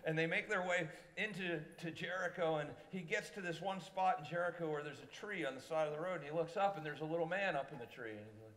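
A man preaching a sermon as an animated storyteller who acts out quotes, at a church service held in a theatre. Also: fairly high pitch, quick pace, hardly any pauses. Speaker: pastor. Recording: long reverb in a large theatre.

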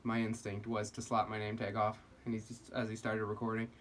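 A man's voice: on the low side, completely flat delivery, a little fast, a bit bright, a little hiss or hum. A young man telling a casual story on his vlog, rambling with lots of fillers. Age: young adult. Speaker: vlogger.

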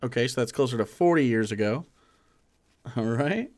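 A man's voice: medium pitch, animated, normal speed, darkish tone. A man in his thirties streaming live, commenting casually on a video and rambling in an incredulous way with many fillers and restarts.

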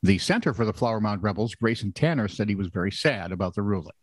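A man's voice: on the low side, lively intonation, quick pace, husky, no room sound. Wry man joking through odd news. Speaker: podcast co-host. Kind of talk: casual comedic news chat.

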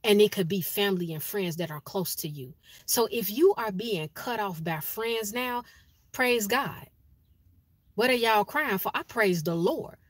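A woman, talking straight to camera in a blunt, preachy monologue. She repeats phrases to drive each point home, at a mid pitch, recorded close and dry with no room sound. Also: animated, measured pace, no echo. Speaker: spiritual vlogger.

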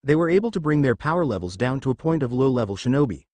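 A man's voice: medium pitch, very animated, quick pace, warm tone, no room sound. Man narrating a fan story. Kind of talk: reading a fan fiction story aloud.

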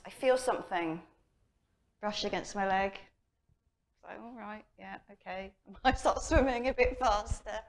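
Middle-aged female speaker from England; lively, chatty conference talk. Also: mid-range voice, slight background noise. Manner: lively storytelling, acts out her inner voice. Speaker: personal development coach. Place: conference hall.

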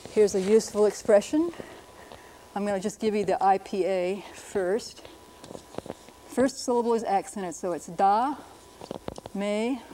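A woman linguist presenting a televised lesson, explaining briskly and sounding out words to demonstrate them. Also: medium pitch, dark tone, slight background noise, poor audio. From United States.

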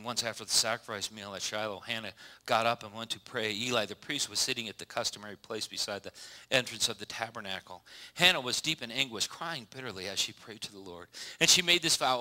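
A man's voice: on the low side, brisk, sharp tone. A man preaching a casual sermon, folksy and joking, reading Bible passages with small slips and restarts. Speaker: pastor.

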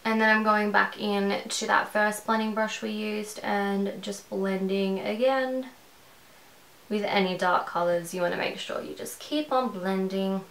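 Australian girl chatting thru her makeup, bit of vocal fry, echoey room. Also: mid-range voice, fairly even intonation, unhurried, fairly bright tone. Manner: rambling, conversational. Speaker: beauty vlogger.

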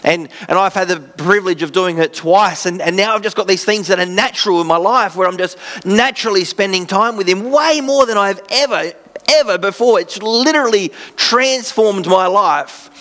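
A man's voice: high-pitched, normal speed, fairly bright tone. An Australian man, a pastor, preaching a sermon in an earnest, conversational way with self-deprecating asides.

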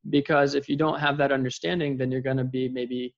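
Earnest man with gravelly voice. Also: mid-range voice, little pitch movement, fairly quick, no echo, muffled recording. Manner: earnest, rambling, with many restarts and fillers. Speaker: vlogger sharing faith reflections. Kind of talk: casual spoken reflection.

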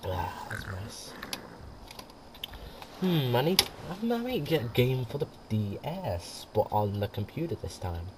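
Laughing a lot, a man rambles casually through let's-play commentary over a game. He speaks slowly at medium pitch with big pitch swings, and the quiet home mic picks up music behind him and a noisy background.

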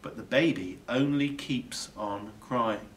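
A male teacher reads a children's picture book aloud, telling the story expressively with dramatic drops. His medium-pitched voice moves slowly, picked up by a distant mic.

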